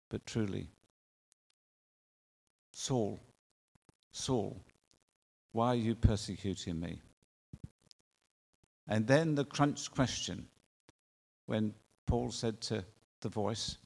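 A male preacher delivering a sermon in an earnest way, with drawn-out emphatic phrasing and rhetorical questions. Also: lowish voice, creaky, a little mellow. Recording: long reverb of a large hall.

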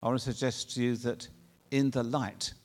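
A man's voice: medium pitch, flat delivery. Earnest male preacher in a reverberant hall. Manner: earnest, drawn-out emphatic phrasing with rhetorical questions. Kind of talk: sermon. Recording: long reverb of a large hall.

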